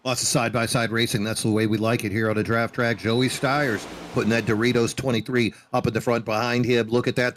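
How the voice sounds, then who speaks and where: A man co-commentating a sim race broadcast, relaxed and joking as he reads the starting grid. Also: medium pitch, slight background noise.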